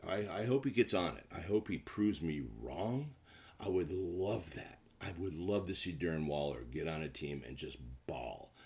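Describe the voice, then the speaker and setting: A man's voice: very deep voice, creaky. A man hosting a casual solo sports commentary show, rambling and repeating himself as he talks straight to his viewers.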